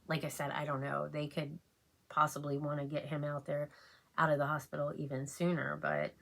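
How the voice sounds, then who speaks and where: A middle-aged woman vlogging at home while she gets ready, rambling and halting with many fillers and restarts, and emotional to the point of tears. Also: sits low, creaky. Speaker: beauty vlogger. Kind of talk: casual chat while getting ready.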